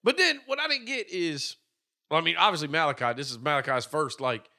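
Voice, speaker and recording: A man riffing on a movie in casual talk, joking and cursing freely. His voice is a little high, bright and lively in pitch. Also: fairly quick. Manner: profane, joking, drawling asides.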